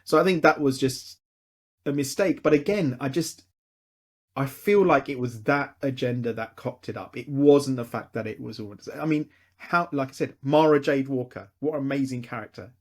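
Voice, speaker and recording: A man's voice: mid-range voice, moderate pace. A man co-hosting a casual podcast, speaking hesitantly with many fillers. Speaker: podcast co-host.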